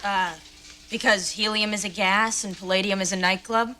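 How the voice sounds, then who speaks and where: An actress playing a shallow, airheaded teenage daughter in a sitcom. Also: female voice, mid-range voice, steady tone, normal speed, very noisy, lightly acted. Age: teen. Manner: shallow, self-absorbed.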